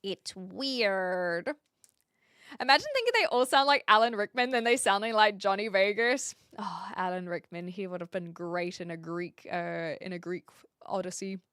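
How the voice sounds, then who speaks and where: A woman's voice: mid-range voice, fairly bright tone, clean tone, dry recording, studio quality. A woman chatting casually on a live stream, reading viewer comments and correcting herself as she goes. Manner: chatty, self-correcting, talks through restarts.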